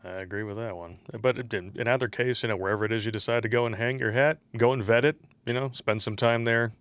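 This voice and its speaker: A man's voice: mid-range voice, fairly even intonation, fast talker, a bit bright. A man hosting a casual livestream chat over a video call, reading out donations and laughing often. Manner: laughs often, chatty filler "you know".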